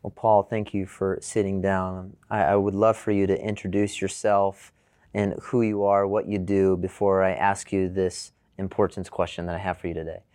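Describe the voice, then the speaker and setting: A man's voice: sits low, flat delivery, moderate pace, a little mellow, clear, resonant tone, no room sound, studio quality. A man hosting a podcast, introducing the episode and asking a guest questions in an earnest, friendly way. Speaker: podcast host.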